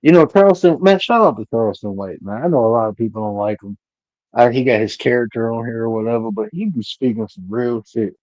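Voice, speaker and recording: A man's voice: mid-range voice, brisk, dry recording. Profane, blunt man on a lo-fi stream. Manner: blunt, profane and animated storytelling. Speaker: panelist. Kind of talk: casual live-stream panel talk. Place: home.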